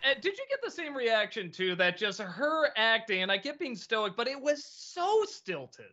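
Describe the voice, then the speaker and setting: Bright, lively panelist voice, enthusiastic and chatty, lo-fi sound. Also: mid-range voice, moderate pace. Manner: enthusiastic, chatty, laughs often. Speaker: panelist on a review show. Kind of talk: casual group discussion.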